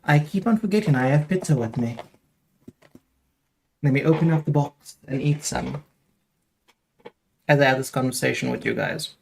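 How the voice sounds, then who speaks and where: A man's voice: medium pitch, moderate pace, gravelly, pauses often, darkish tone, slight background noise. Young man, live streamer, casual rambling chat, lots of fillers, mid-range voice. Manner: rambling, chatty, talks straight to chat with many fillers.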